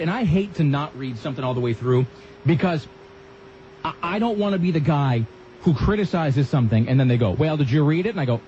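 A man hosting a radio talk show, rambling and sarcastic with vivid comic asides. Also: medium pitch. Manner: rambling, sarcastic, animated impressions. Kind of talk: casual radio banter. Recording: dull radio broadcast with faint hiss.

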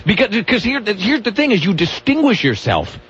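A male radio host with a husky, slightly high voice that swings all over in pitch. He rambles, restarts his sentences and slides into grumpy rants. The sound is dull and lo-fi, like an old broadcast. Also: huge pitch swings, normal speed, a bit bright. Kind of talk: casual radio banter.

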